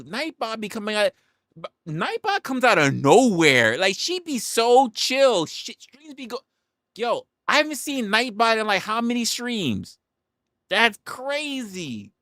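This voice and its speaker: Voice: medium pitch, pushed and bright, no room sound, studio quality. A livestreamer chatting casually with viewers, swearing, laughing and exclaiming.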